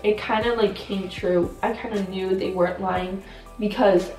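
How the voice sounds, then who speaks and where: A shy teenage girl co-hosting a casual sit-down chat, soft-spoken and hesitant, full of fillers. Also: medium pitch, fairly even intonation, moderate pace. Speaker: channel co-host. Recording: roomy sound, mic at a distance, faint music.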